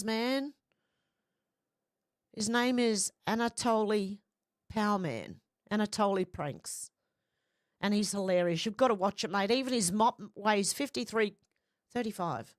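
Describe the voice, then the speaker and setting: A chatty woman hosts a live chat and talks in a loose, rambling way. She has a medium pitch, and the recording is dry and close. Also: no room sound. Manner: chatty, rambling, laughs easily. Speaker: livestream host reading viewer comments.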